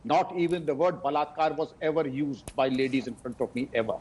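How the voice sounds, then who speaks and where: A man's voice: a little high, darkish tone, a little hiss or hum, low-quality recording. A man in his sixties from India, a retired police officer, laying out his argument point by point on a TV debate panel. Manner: measured, deliberate argument. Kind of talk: debate commentary.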